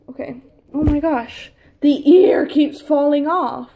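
A woman's voice: high voice, slow, dark tone, a little hiss or hum. A young woman filming a crafting vlog, flustered and laughing at her own slip-ups. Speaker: crafting vlogger. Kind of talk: casual blooper vlog.

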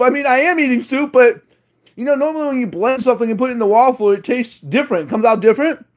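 A man vlogging a casual taste test, excitable and playful with exclamations. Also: very high-pitched, quick pace. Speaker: food vlogger.

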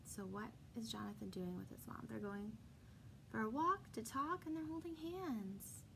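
A young kindergarten teacher reads a picture book aloud to small children, posing questions, answering them herself, and adding chatty asides. Her fairly high voice has vocal fry and a moderate pace, and the background is noisy.

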